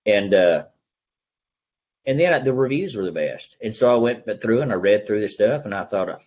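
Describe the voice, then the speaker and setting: A middle-aged man with an East Texas drawl and a husky, fairly low voice tells a story in a folksy, earnest way, slipping into the voices of people he remembers. He is a real estate agent in a casual interview. The recording sounds dull and lo-fi. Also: animated, moderate pace, darkish tone. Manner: folksy, earnest storyteller who acts out the dialogue he recalls.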